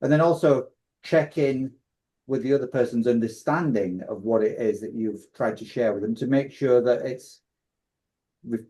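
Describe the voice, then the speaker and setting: This man hosts a podcast and sums up advice point by point, often restarting his sentences. His voice is warm and relaxed, sitting at a middling pitch. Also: moderate pace. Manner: recaps points as a list, with frequent restarts. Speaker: coach and podcast host. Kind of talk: casual podcast discussion.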